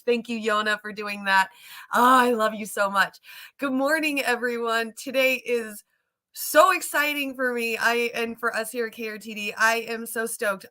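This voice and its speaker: A young woman hosts a casual live show with a bright, forward voice. She rambles emotionally, repeating words and restarting sentences as she goes. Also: fairly high pitch. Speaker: show host. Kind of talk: casual emotional livestream chat.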